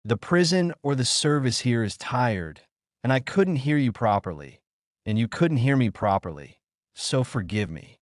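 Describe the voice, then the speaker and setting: A man's voice: mid-range voice, big pitch swings, a little slow, no echo, studio quality. A man voicing a cheerful, apologetic young woman on a mysterious phone call in a story.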